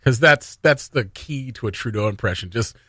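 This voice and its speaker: Man, radio host, wry, sarcastic, bright voice, dry close sound. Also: medium pitch, expressive, normal speed, slightly rough, dry recording. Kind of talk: casual chat.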